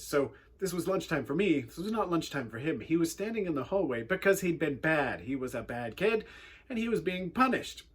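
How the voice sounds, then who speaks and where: A man with an English accent, telling a personal story in an animated, wry and earnest way as a youth speaker. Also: a little high, slightly rough. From England.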